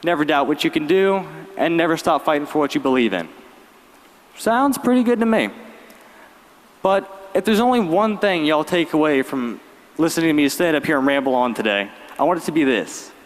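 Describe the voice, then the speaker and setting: A young man, giving a graduation speech as valedictorian with lively storytelling and wry humor. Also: fairly high pitch, normal speed. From Virginia, US. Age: late teens. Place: large arena. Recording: long arena reverb.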